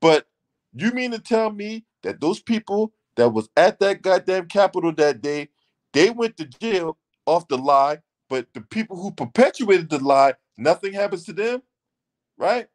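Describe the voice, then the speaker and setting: High, lively-voiced man ranting. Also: normal speed. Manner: emphatic, profane, repeats lines for stress. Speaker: channel host and commentator. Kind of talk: ranting commentary.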